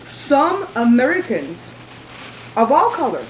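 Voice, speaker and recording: A woman's voice: high-pitched, huge pitch swings, takes it slowly, a little hiss or hum. Woman host, emphatic and outspoken, casual mealtime chat in a roomy room. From Belize. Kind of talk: casual chat while eating. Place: home, at the table. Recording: roomy echo.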